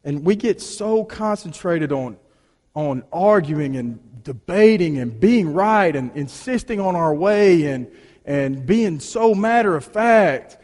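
A man preaching with a slightly higher voice, telling stories in a loose, conversational way with many restarts. He drops to a hush, then rises to emphatic points. His voice rings out with a long reverb, as in a large hall. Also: expressive, takes it slowly. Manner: conversational storytelling with frequent restarts; swings between hushed and emphatic. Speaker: pastor. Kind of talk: sermon.

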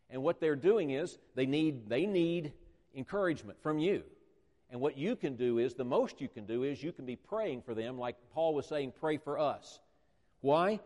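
A man preaching a sermon to a congregation, emphatic and repetitive, slowing down to stress key words. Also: mid-range voice, darkish tone. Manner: emphatic, repeats phrases, stretches words for emphasis. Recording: echoey church hall.

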